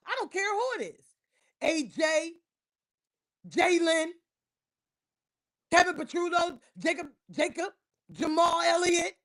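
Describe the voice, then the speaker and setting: Fired-up Philly woman livestreamer, high voice, emphatic, repeats herself and shouts. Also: slow pace, long pauses. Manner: heated, emphatic and repetitive, loud outbursts. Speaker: livestream host. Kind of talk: casual sports rant on a livestream.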